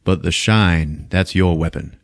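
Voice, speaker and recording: A man voicing a stern, weary gunslinger who speaks in low, calm commands, in a casual movie recap. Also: measured pace, no echo, clean studio sound.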